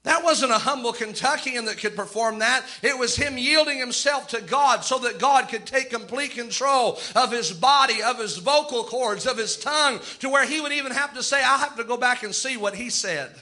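Fervent male preacher, high and sharp-toned, acting out quotes mid-sermon. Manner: fervent, acts out quoted voices with dramatic pauses.

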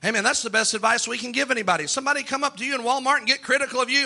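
A man preaching in a church with a very high, very bright voice. He delivers his sermon with rising fervor and acts out the people he quotes. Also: fairly even intonation, rapid-fire, hardly any pauses. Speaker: pastor.

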